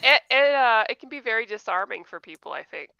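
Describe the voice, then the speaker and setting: A woman's voice: a little high, very animated, brisk, vocal fry, sharp tone, smooth, no room sound, muffled recording. A woman from Kentucky with a light Southern accent, hosting a casual chat and laughing often. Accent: light Southern American. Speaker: host.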